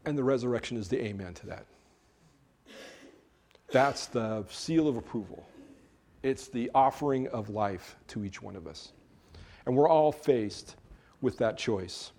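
A man's voice: mid-range voice, animated, unhurried, creaky, long pauses, mellow. A man, a pastor, preaching a sermon in a conversational way, with joking asides between earnest points.

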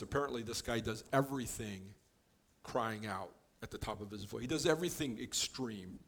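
A man giving a conversational Bible teaching, explaining verses in a relaxed way with offhand joking asides. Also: on the low side, normal speed.

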